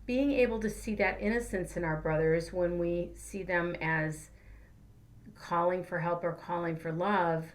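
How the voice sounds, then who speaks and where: A woman's voice: on the low side, fairly even intonation, unhurried. A woman, a life coach and therapist, giving a casual spiritual teaching talk in an earnest, conversational way. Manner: earnest, conversational, acts out examples in her own voice.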